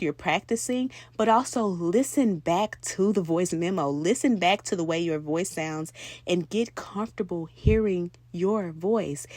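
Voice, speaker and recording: A woman's voice: lowish voice, a little mellow, dry recording. A young woman giving voice tips to other women in a chatty way, often asking "right, ladies?". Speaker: voice coach. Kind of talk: talking-head tips video.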